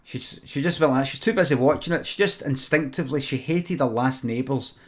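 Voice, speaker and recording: A man's voice: medium pitch, fairly quick. A Scottish man improvising a comic story, rambling and swearing freely as he digresses. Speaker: streamer.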